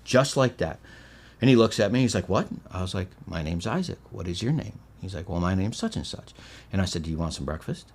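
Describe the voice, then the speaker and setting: A middle-aged man from Michigan, a podcast guest telling a story in a casual, animated way and acting out the quotes. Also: sits low, fast. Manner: animated storyteller, acts out quotes with swings in loudness.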